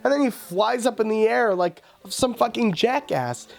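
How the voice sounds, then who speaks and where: A man's voice: high voice, expressive, moderate pace, vocal fry, music in the background. A man hosting a podcast in a casual film review rant, profane, exasperated and mocking. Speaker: podcast host.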